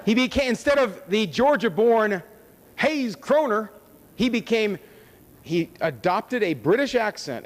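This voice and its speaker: A fairly high-voiced American man speaks at a conference with a casual, sardonic delivery and pointed rhetorical questions. His voice rings with the long reverb of a large hall. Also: expressive, unhurried. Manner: conversational and sardonic, with wry asides and rhetorical questions. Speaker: conference lecturer. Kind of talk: public lecture with slides.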